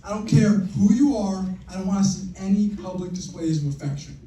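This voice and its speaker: A young man performing a stand-up routine with deadpan, crude punchlines. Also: sits high, brisk. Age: young adult. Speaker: stand-up comedian. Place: comedy show venue with audience. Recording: roomy, distant, faint noise.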